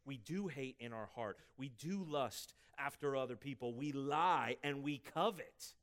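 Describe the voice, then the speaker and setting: A man preaching a sermon as pastor, emphatic and rising for scripture, dropping quiet for asides. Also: medium pitch, lively intonation, unhurried. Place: church sanctuary.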